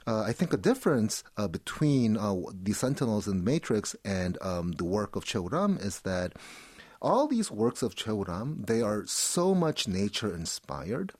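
A man's voice: lowish voice, big pitch swings, normal speed, darkish tone, no echo, studio quality. A man talking as a guest in an interview, explaining an artist's work with many fillers and frequent "right?" check-ins. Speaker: art commentator guest. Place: studio in Seoul.

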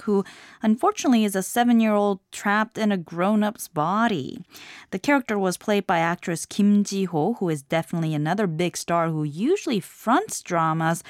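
A woman hosting a scripted language lesson, explaining phrases in a clear, measured way. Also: mid-range voice, a little mellow, no room sound, clean studio sound. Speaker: host.

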